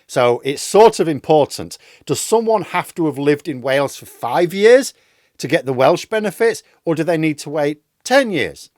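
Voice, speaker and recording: Sarcastic man with a lively, dry delivery. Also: a little high, moderate pace, no echo. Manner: sarcastic, mocking. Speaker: political commentary host. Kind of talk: political commentary monologue.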